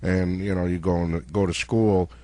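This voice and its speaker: A man with a low voice speaks calmly as host of a casual talk, remembering old times in a reflective way. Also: normal speed, no room sound. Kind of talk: casual interview chat.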